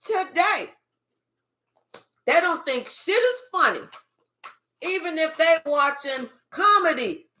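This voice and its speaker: A woman's voice: high voice, sharp tone. A woman giving a spiritual reading in an emphatic, profane, repetitive way. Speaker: tarot reader.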